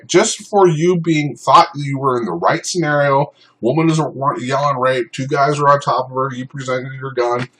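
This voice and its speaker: A man teaching self-defense law in an unscripted, informal way, often pausing on ums and uhs. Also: medium pitch, rough recording. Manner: informal, many ums and uhs, shouts out acted commands in examples. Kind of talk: unscripted explanatory talk.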